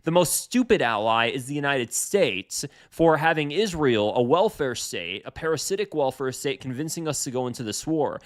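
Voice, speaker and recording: A man giving heated political commentary on a news clip, often repeating himself and restarting his sentences. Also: on the high side.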